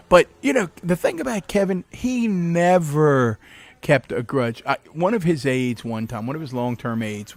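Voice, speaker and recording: A middle-aged man as a podcast guest, telling animated anecdotes with frequent laughs in a cafe interview. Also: mid-range voice. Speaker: podcast guest, former county executive. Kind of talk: casual interview storytelling.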